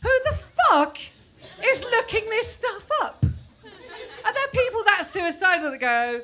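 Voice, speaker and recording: A woman in her forties doing a stand-up comedy set on a club stage, chatty and self-mocking, sometimes mimicking her kids in shrill voices. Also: sing-song, a little slow, bright, forceful tone, a little hiss or hum. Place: comedy club stage before a live audience.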